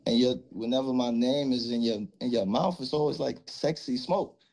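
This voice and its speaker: Calm, direct man on a stream. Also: mid-range voice, normal speed. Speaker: rapper guest. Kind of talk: casual confrontational talk.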